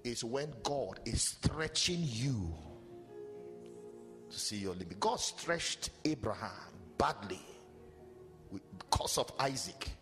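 A man preaching a sermon as pastor, animated and storytelling with mocking asides. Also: mid-range voice, slow, long pauses. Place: church hall. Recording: long hall reverb with faint music.

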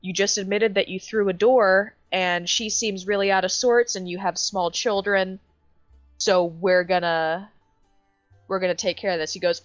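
A woman's voice: medium pitch, normal speed, dry recording. Young woman podcast cohost rambling thru a story, swears a lot, dry dull lo-fi sound, faint music. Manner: animated storytelling, swears, frequent fillers. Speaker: podcast co-host. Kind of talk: casual chat.

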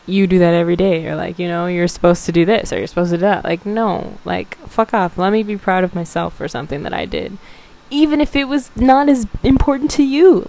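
A woman's voice: on the low side, a little mellow, poor audio. A young woman hosting a podcast, giving a casual motivational talk, emotional and close to tears, swearing and laughing as she goes. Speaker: podcast host.

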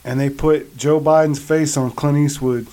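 Chill podcast host guy, cussing and laughing a lot, voice a bit on the high side. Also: steady tone, normal speed, mellow, slight background noise. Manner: loose, profane, laughs often. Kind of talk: casual chat.

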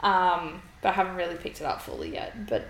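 A woman's voice: lowish voice, very animated, brisk, slight background noise. A young woman, co-hosting a podcast in casual chat, reading listener stories aloud and laughing often. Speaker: podcast co-host. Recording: echoey room.

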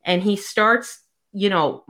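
A woman's voice: medium pitch, slow pace. A woman co-hosting a casual book podcast, telling stories and acting out the dialogue. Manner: animated storyteller, acts out dialogue. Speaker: podcast co-host.

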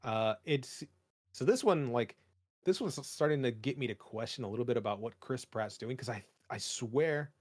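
With a medium-pitched, animated voice at a moderate pace, a young man co-hosts a laid-back podcast full of jokes, fillers, and rambling. It's studio quality with no room sound.

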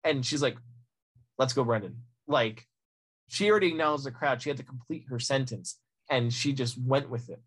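A man's voice: mid-range voice, brisk, fairly bright tone, husky. A man co-hosting a podcast in casual chat, blunt and emphatic, often opening his points with "listen.". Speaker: podcast co-host.

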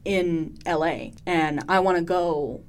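Woman podcast co-host, low-pitched, casual recap, quick impressions of the people in the story. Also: clean tone. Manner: animated storyteller, quick voices for quoted people. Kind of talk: casual chat.

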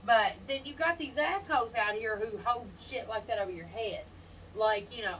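Recorded from a distant mic with faint background hiss, a woman in a casual chat tells blunt, profane stories with plenty of animation. Her voice is bright and forceful, fairly high in pitch, and she talks at normal speed.

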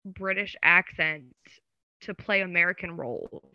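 A woman hosting a podcast in casual chat, giggly and excitable. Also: lowish voice, unhurried, dull audio. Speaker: podcast host.

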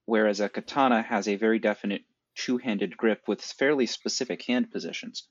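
On a laid-back film podcast, this co-host speaks a little fast in a lowish voice, going on at length and with real knowledge about swords. The lo-fi audio sounds dry and dull, without room sound.

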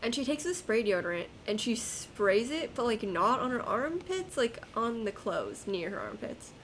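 A woman's voice: fairly high pitch, sing-song, normal speed, slight background noise, rough recording. A young woman co-hosting a podcast, telling stories in a casual, exasperated way. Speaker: podcast co-host. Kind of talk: casual chat.

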